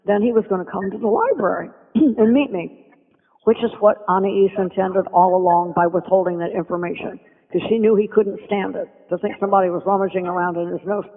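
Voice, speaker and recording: An older woman telling stories as a podcast guest, animated and acting out the voices of people she quotes. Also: medium pitch, a little fast. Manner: animated storyteller who acts out quoted speech. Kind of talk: reminiscing interview storytelling. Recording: tinny phone line with long reverb.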